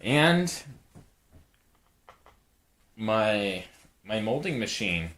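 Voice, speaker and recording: Slow, laid-back male streamer. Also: fairly low pitch, big pitch swings, a bit bright, slight background noise. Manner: laid-back, jokey, reads chat aloud. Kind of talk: casual live-stream chat.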